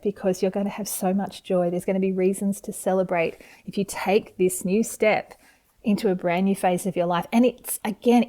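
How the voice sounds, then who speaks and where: A woman giving a tarot reading on video, speaking in a gentle, encouraging and enthusiastic way to her viewers. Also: mid-range voice. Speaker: tarot reader. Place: home setup with camera.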